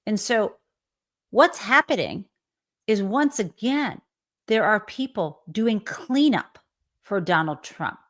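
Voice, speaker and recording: A woman's voice: mid-range voice, expressive, slow pace, long pauses, a bit bright. A woman hosting a live commentary show, talking with emphatic indignation and frequent fillers. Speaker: host.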